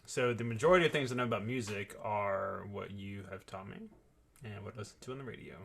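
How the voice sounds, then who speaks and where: A man chatting casually as a podcast guest, laid-back and dry, giving short answers into a microphone on a boom stand. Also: fast, creaky, a bit bright. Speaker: guest, engineer, host's partner. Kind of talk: casual chat.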